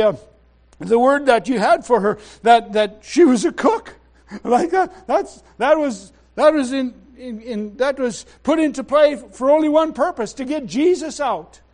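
Pastor, male, very high voice, preaching with halting restarts and sudden loud bursts. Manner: swings between quiet asides and loud exclamations. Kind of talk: sermon.

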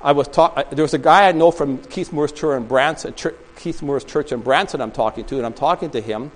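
In a small church, a pastor preaches a sermon, rambling through stories and restarting often. His voice is a little high and a little fast, and the recording is rough.

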